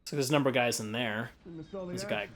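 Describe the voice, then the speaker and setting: A man's voice: mid-range voice, expressive, fast talker, a bit bright, a little hiss or hum. A young man giving casual, joking commentary over gameplay, offering tips and laughing often. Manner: giggly, jokey, gives gameplay tips. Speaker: let's play commentator.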